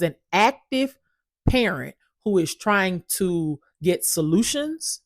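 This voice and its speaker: A woman in her thirties casually telling her own story as a parent, animated and emphatic, swearing freely. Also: on the low side, no echo, studio quality.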